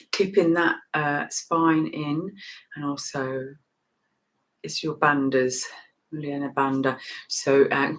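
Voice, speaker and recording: A woman's voice: deep voice, rough recording. A woman teaching a meditation and breathing session, giving loose, rambling instructions that often restart mid-sentence. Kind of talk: casual guided breathing and stretching session.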